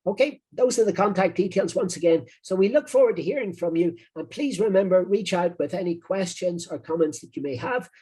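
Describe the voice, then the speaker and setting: A middle-aged Irish man gives an online marketing lesson, chatting and rambling with a salesman's ring. His voice is warm and dark with a husky edge. He talks in a loose, friendly way, as if to a subscriber. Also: lively intonation, brisk, few pauses. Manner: chatty, rambling, with frequent "uh" fillers and sales-pitch phrasing. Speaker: digital marketing coach.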